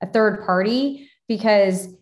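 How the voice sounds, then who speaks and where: A woman's voice: mid-range voice, slow pace, darkish tone. Chatty woman host sharing parenting stories. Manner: chatty, personal, many fillers. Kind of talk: casual conversational interview.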